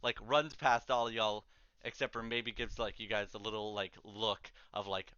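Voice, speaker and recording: A man's voice: fairly low pitch, fairly even intonation, brisk, sharp tone, clear, resonant tone, no echo, dull audio. A man narrating a tabletop game as game master, casual and rambling with many fillers.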